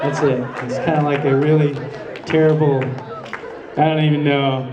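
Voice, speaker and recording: Over a noisy crowd and heavy background noise, a man with a higher-than-average voice speaks in a level tone at normal speed. He's the voice actor guest on a convention panel, easygoing and laughing as he tells stories in answer to questions. A distant handheld camera records the echoey hall, filled with audience murmurs and laughter.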